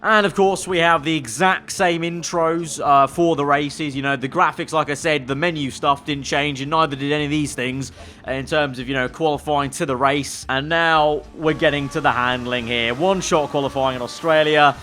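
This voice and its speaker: Gamer guy moaning about a racing game, sarcastic, slightly high voice, music faint behind. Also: fairly even intonation, normal speed, pushed and bright. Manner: sarcastic, rambling, critical. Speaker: gaming channel host. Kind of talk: gameplay commentary.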